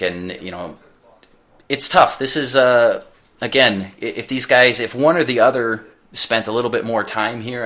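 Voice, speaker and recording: Low voiced guy rambling his picks on a sports podcast, lots of ums. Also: a bit bright. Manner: rambling, opinionated, lots of fillers. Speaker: podcast co-host. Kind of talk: casual sports podcast chat.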